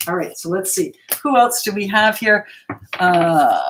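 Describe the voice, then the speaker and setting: A woman's voice: medium pitch, expressive, unhurried, heavy background noise. Chatty, reassuring woman reading tarot live. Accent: American. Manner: chatty and reassuring, thinks aloud between cards. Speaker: tarot reader hosting a live Q&A. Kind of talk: live-stream card reading, answering viewers.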